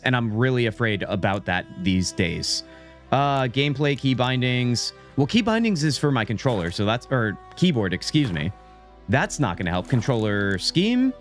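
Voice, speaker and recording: An American man streaming a game, rambling casually and reading menu options aloud as he plays. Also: mid-range voice. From United States. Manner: rambling, chatty, reads menus aloud. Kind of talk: casual gameplay commentary.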